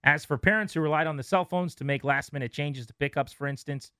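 A man in his thirties hosting a radio talk show, reading news stories aloud with relaxed asides. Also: on the high side, fast talker, clean tone, dry recording, clean studio sound. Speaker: radio host.

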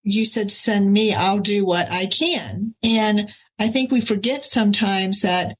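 A woman hosts an interview with a mid-range voice. She speaks in a measured, reflective way and encourages her guest as she sums up what was said. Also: mid-range voice, steady tone, breathy edge, poor audio. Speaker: host. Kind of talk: conversational interview.

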